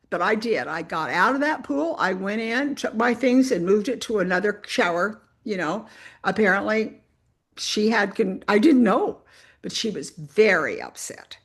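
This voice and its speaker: A woman's voice: mid-range voice, measured pace, slightly rough. A woman, a church missionary, sharing a personal testimony story in an earnest way and speaking straight to her listeners. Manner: earnest, addresses listeners directly as "you guys"; animated retelling with spirited voiced quotes.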